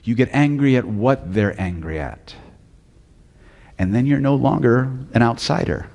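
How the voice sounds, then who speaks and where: A man's voice: medium pitch, animated, measured pace, gravelly, darkish tone, big-room sound. A man teaching hypnosis at a live seminar, blunt and profane, often quizzing the audience. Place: lecture hall with audience.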